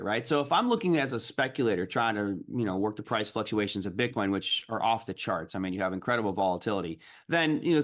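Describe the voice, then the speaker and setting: A man, a guest trader, explaining markets in an animated, casual way. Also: fairly low pitch.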